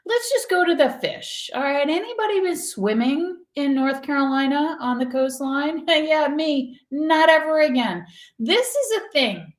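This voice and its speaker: A high-voiced woman hosts a casual online show, chatting her way through odd news stories. She talks in an animated, joking way, quick to laugh. Her voice carries a roomy echo. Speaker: show host.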